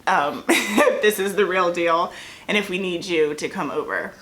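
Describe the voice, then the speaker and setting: A woman's voice: lowish voice, measured pace, fairly bright tone. A woman telling her own birth story in casual chat, wry and teasing her husband.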